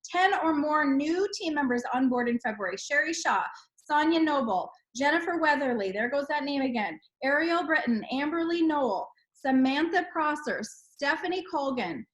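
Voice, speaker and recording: Bubbly high-voiced woman hosting a call. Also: lively intonation, moderate pace, low-quality recording. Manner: bubbly, exclaims and laughs while reading names. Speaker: host of a team sales call. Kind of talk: upbeat recognition call.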